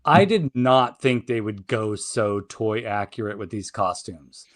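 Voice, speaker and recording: Excitable man in casual chat. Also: fairly low pitch, unhurried. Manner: excitable, laughs often, repeats himself. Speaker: podcast co-host.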